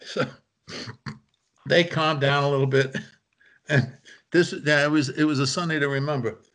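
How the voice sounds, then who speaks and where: An older man telling lively family anecdotes, acting out the voices of relatives as he goes. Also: fairly high pitch, moderate pace, long pauses. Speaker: guest author. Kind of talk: casual storytelling.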